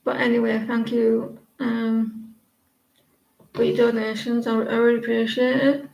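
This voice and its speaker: A woman in her forties gives a casual live-stream tarot reading, rambling and chatty, often restarting her sentences. Her fairly high voice has little pitch movement, vocal fry and a slightly mellow quality, unhurried, in an echoey room on a rough recording.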